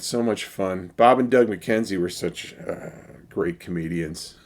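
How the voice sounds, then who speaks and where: Male beer vlogger, lowish voice, casual and rambling with a wry humor. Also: expressive, moderate pace, darkish tone. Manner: rambling, wry, many fillers. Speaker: beer reviewer. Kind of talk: casual beer review vlog.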